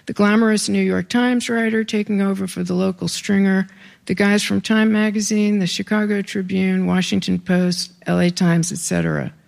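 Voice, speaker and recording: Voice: mid-range voice, level tone, normal speed, creaky. An author reading their own prose aloud to a live audience, with wry, conversational asides between passages.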